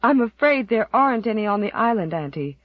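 A woman's voice: a little high, expressive, brisk, no room sound, narrow, tinny audio, lightly acted. A woman voicing an anxious young mother in an audiobook, speaking with strained composure. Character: anxious young mother trying to stay calm. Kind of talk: audiobook character voice.

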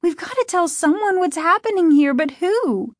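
Storybook kid: a woman acting a frightened young girl, high, urgent and panicky. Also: animated, a little slow, no echo, studio quality. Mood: scared, urgent. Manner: panicky, breathless pleading.

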